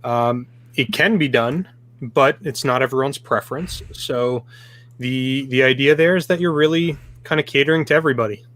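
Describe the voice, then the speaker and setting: Halting male podcast co-host. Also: mid-range voice, fairly bright tone, no echo. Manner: hesitant, halting. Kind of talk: casual chat.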